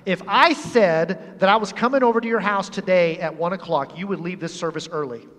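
A high-pitched male pastor preaches with animated humor, acting out the scenes of his story. His voice carries through a church sanctuary with a long, ringing hall reverb. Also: fairly quick. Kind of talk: sermon.

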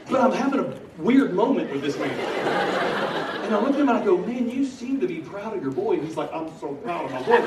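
A middle-aged man preaching a story with humor, animated, shifting from loud bursts to hushed earnest telling. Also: high-pitched. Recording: echoey hall from far off, noisy.

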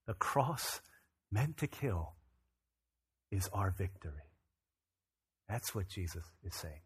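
A man preaching a sermon, moving between quiet reflection and loud, emphatic bursts. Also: lowish voice, big pitch swings, slow, long pauses, slightly rough. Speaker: pastor.

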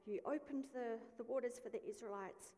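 A woman's voice: a little high, fairly quick, mellow, in a large hall, natural voice. A woman voicing a young rich girl who earnestly pleads with God in a story told at church. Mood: pleading.

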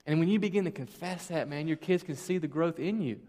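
A man's voice: on the high side, a little fast, mellow. Man preaching in a reverberant hall. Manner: conversational and emphatic, rhetorical questions. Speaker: pastor. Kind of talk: sermon. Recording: long reverb of a large hall.

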